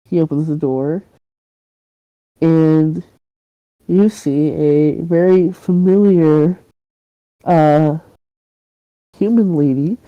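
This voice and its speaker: A woman's voice: low voice, steady tone, drawn-out words, long pauses, dry recording, dull audio. A woman narrating a tabletop game as game master, casual and rambling. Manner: casual, rambling, with fillers and laughs.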